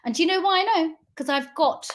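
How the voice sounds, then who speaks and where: A woman's voice: extremely high pitch, a little fast, background noise. A woman giving an impassioned monologue straight to her audience, accusatory and emotional, firing off rhetorical questions. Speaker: founder giving a public address. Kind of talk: impassioned direct-address monologue.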